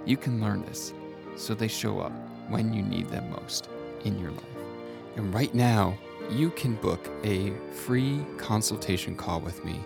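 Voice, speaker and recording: Gravelly low-voiced male self-kindness coach. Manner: soft, intimate, addresses listener as friend. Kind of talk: gentle motivational monologue.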